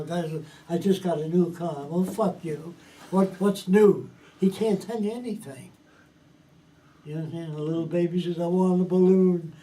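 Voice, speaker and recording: A man with a high-sitting, mellow voice gives an informal lecture to a small group. He's blunt, emphatic and profane, repeatedly checking whether his listeners understand. The mic is distant, with faint hiss behind him.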